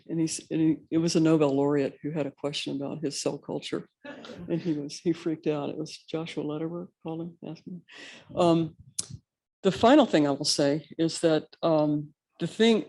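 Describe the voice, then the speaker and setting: A man's voice: a little high, a little mellow. A man on a panel, recounting institute history in a rambling, anecdotal way full of fillers.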